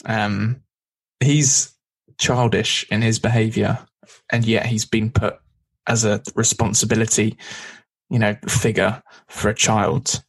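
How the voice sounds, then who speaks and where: Chatty low-voiced man recapping a show. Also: little pitch movement, slow pace, creaky, slightly rough. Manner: chatty, laughs often, does brief voices. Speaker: podcast co-host. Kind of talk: casual recap chat.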